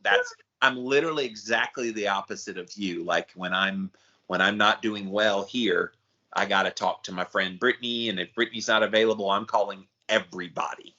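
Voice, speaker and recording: A man hosts a relaxed podcast chat in a somewhat low voice with a bright, forceful edge. He talks conversationally and often restarts his thoughts. The sound is a bit muffled. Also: normal speed. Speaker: podcast host.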